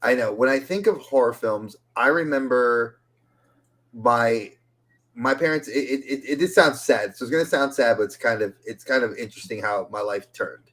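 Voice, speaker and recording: A man co-hosting a podcast who grew up in New York, talking in a loose, animated way, laughing often and stammering through restarts. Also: mid-range voice, moderate pace. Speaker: podcast co-host. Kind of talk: casual podcast chat.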